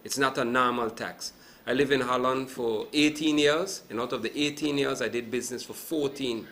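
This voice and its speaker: Businessman guest from sint maarten, bright forceful voice, keeps checking "right?", bit of background noise. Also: mid-range voice, moderate pace. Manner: animated, explains with examples and asks "right?". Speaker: event producer and businessman guest. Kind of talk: live TV talk show interview.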